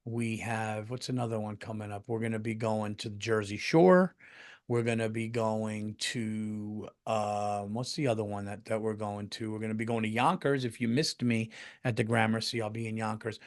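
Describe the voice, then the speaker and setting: A middle-aged man hosting a comedy podcast, telling stories in a casual, animated way, swearing freely and jumping into loud acted-out quotes. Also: lowish voice, normal speed.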